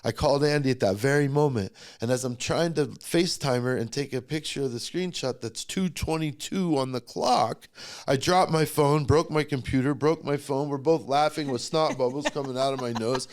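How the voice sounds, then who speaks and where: Middle-aged male guest, average pitch; blunt, profane, emotionally charged storyteller. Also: moderate pace. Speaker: podcast guest. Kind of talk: personal storytelling in conversation.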